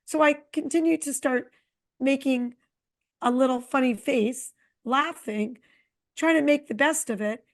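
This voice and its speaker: A middle-aged woman co-hosting a podcast, chatting casually and telling a long, animated travel story. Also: sits high, a little slow. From Connecticut. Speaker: podcast co-host. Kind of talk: casual chat.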